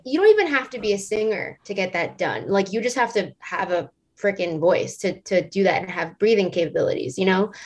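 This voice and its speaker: A woman in her late twenties, a singer, telling a story in casual interview chat, rambling and filling it with "like" and "um". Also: medium pitch. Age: late 20s. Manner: chatty, rambling storytelling full of "like" and "um". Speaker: singer and stage performer guest.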